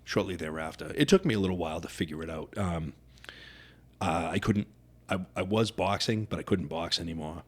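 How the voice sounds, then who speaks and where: Deaf man, middle-aged, very deep voice, casual interview chat, earnest storytelling. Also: a little fast. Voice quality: deaf speaker who wears hearing aids. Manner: earnest storyteller acting out quoted dialogue. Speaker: podcast guest.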